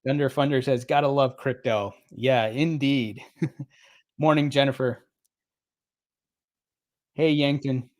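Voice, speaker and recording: A man's voice: mid-range voice, fairly even intonation, slow pace, long pauses, darkish tone, dry recording. A middle-aged man with a New Jersey accent hosts a casual crypto livestream, reading viewer comments aloud and greeting people by name in an upbeat, chatty way.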